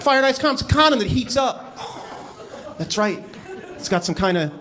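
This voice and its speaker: A man doing a stand-up comedy set on a club stage, animated and mock-incredulous, acting out little voices as he tells his stories. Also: very high voice, normal speed. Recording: live club recording with crowd noise. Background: audience laughter.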